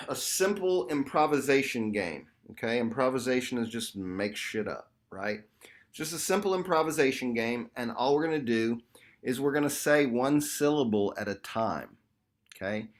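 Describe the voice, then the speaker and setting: A man's voice: medium pitch, unhurried. A man leading a group workshop over a video call, talking casually and animatedly, calling the group "y'all". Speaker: workshop facilitator. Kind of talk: online group workshop teaching.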